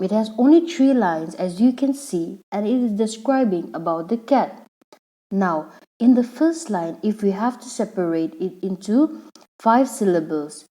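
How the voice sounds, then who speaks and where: A woman teacher explaining a lesson patiently, repeating each word slowly so the syllables come through. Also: mid-range voice, dark tone, low-quality recording. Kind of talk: slow classroom explanation.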